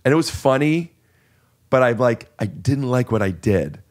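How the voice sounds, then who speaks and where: A man's voice: mid-range voice, animated, normal speed. A man in his thirties hosting a podcast, telling a long, self-questioning story in a casual, rambling way. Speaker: podcast host. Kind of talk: casual chat. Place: podcast studio.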